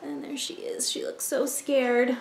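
A woman reading a picture book aloud as a library storyteller, gentle and expressive, with asides to young listeners. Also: sits high, unhurried, vocal fry, roomy sound, background noise.

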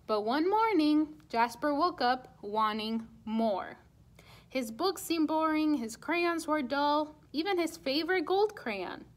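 A children's librarian reading a picture book aloud at storytime, in an expressive, animated way. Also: female voice, sits high, slow pace.

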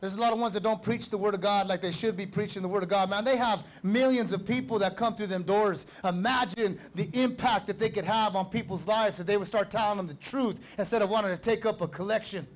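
A man preaching a sermon as pastor, fervent and conversational, building up to shouts. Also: sits high, a little fast, few pauses.

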